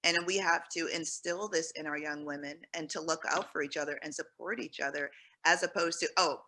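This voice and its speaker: A woman's voice: low-pitched, steady tone, fairly quick, bright, forceful tone, slight background noise, low-quality recording. A woman speaking on a panel in an earnest, encouraging, emphatic way. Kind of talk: panel discussion.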